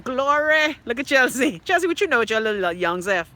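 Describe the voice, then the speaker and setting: A woman hosting a live stream, reading viewer comments aloud and bantering with them in a teasing, animated way. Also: on the high side, fast talker, low-quality recording. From Bahamas. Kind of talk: casual live chat. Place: outdoors in a city street.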